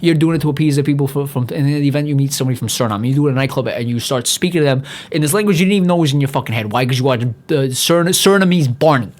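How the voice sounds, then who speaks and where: A man's voice: medium pitch, rapid-fire, few pauses, darkish tone. A young man from New hosting a podcast alone, ranting with lots of swearing, rambling and stumbling over his words. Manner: rambling, profane, stumbles and restarts often. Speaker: podcast host. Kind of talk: profane solo rant.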